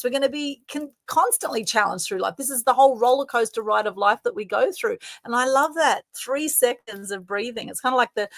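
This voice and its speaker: Brief: Australian woman co-host, mid-pitched, casual and affirming, dry video-call audio. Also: creaky, dry recording. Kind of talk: casual live-stream chat.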